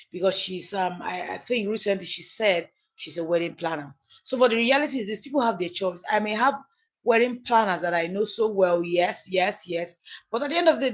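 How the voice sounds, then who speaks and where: A Nigerian woman talks straight to her viewers on a live stream in a casual, chatty way. She presses her points hard and circles back to the same phrases, with a voice of middling pitch. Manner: chatty, emphatic, repeats key phrases. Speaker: livestream host. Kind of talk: casual livestream commentary.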